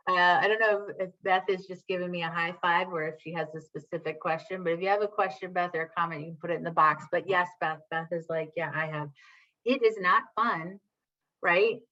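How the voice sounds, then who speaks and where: A woman presents a live online parenting workshop, chatting with her audience, reading their comments aloud and often checking in with "right?". Her voice is on the low side, steady, a little fast, pushed and bright, though the audio sounds dull.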